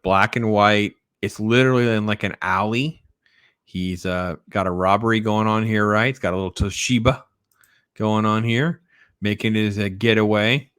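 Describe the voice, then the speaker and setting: A man's voice: lowish voice, a bit bright, clear, resonant tone, dry recording, clean studio sound. A man chatting casually and enthusiastically about comic books, rambling with lots of fillers. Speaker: comic book collector. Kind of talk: casual video chat.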